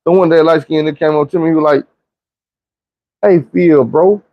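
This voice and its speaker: A man's voice: on the high side, little pitch movement, very fast, no room sound, muffled recording. A man telling a story in a casual, profane, slangy monologue, rambling loosely with frequent restarts.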